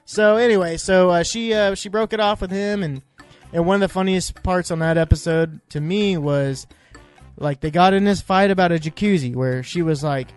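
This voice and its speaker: A man chats casually in a fairly high voice, rambling and joking his way through a recap. He keeps restarting his sentences and filling gaps with "uh". Faint music plays underneath. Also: moderate pace, clean tone. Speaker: podcast host.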